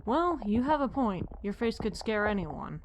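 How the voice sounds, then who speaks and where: A woman's voice: mid-range voice, sing-song, moderate pace, background noise. A woman voicing a wry, supportive female officer in a fan audio drama.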